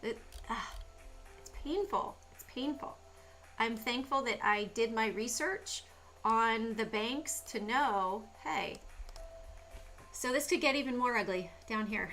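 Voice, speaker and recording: A woman hosting a stock market livestream, talking through charts in a casual, animated way with lots of rhetorical questions. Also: on the high side, measured pace, faint music behind.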